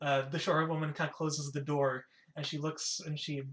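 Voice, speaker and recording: A man game master who narrates a tabletop scene in a relaxed, improvised way. He leans on "like" and "kind of" a lot, and his voice sits a touch high. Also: normal speed. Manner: casual, filler-heavy, says "like" and "kind of" often.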